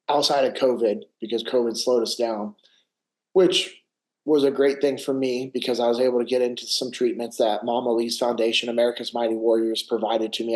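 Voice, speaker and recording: A man's voice: mid-range voice, poor audio. A middle-aged man, a former Navy SEAL, talking as a podcast guest in a casual interview, telling stories animatedly and dropping "bro" and "man" constantly. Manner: animated storyteller peppering speech with "bro" and "man".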